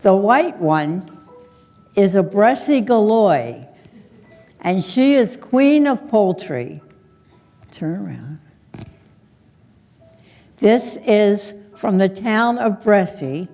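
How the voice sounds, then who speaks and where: A woman's voice: mid-range voice, expressive, slow pace, mellow, soft background music. Woman puppeteer in a reverberant hall. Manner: chatty, explaining, scolding a puppet in fun. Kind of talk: live puppet show narration.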